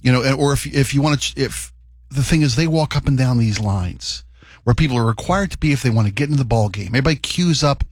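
A man's voice: medium pitch, lively intonation, fast talker, breathy edge, no room sound. A man co-hosting a talk radio show, giving opinions and often stumbling over restarts. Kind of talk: casual talk radio banter.

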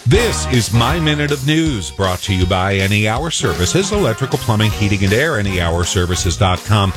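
Wry radio host with a slight New York accent. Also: male voice, on the low side, moderate pace, over music. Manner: wry, self-mocking, animated delivery. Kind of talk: radio news commentary.

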